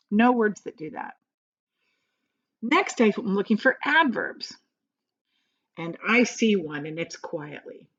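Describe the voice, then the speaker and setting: A woman's voice: mid-range voice, dull audio. A woman teacher giving a recorded grammar lesson, speaking patiently and encouragingly to young students.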